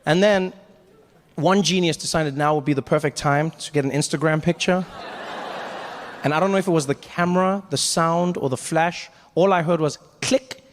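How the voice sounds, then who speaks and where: A man performing stand-up comedy, telling a story with animated delivery and acting out the characters. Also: on the high side, normal speed.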